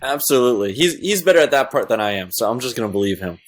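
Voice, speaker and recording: Measured man explaining his game. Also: medium pitch, expressive, crowd noise. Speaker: game designer guest. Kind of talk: casual podcast interview.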